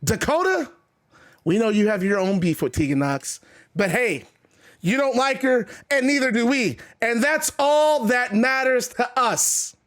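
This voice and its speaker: A man's voice: very high-pitched, expressive, a little slow, fairly bright tone, full character voice. A man doing a smug female wrestling champion.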